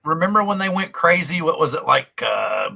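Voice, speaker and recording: A man's voice: on the high side, very animated, normal speed, creaky, sharp tone, breathy edge. A man hosting a casual panel chat over a video call, rambling and laughing often. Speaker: host.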